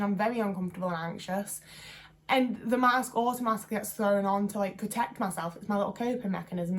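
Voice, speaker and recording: A woman in her twenties talking to camera in a casual vlog, chatty and rambling with lots of fillers and self-deprecating asides. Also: mid-range voice. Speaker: vlogger.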